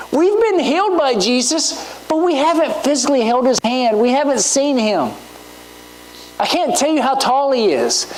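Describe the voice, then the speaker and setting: A woman's voice: high-pitched, a little hiss or hum, low-quality recording. A woman preaching a sermon in a church, earnest and asking rhetorical questions.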